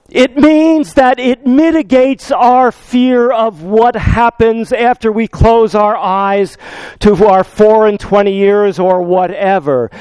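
An older man preaching a sermon in church, his voice going hoarse, rambling along with many fillers and wry asides. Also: very high voice, a little mellow, no echo. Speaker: pastor. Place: church service.

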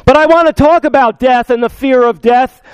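An older man preaching a sermon in church, his voice going hoarse, rambling along with many fillers and wry asides. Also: very high-pitched, normal speed, dry recording. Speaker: pastor. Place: church service.

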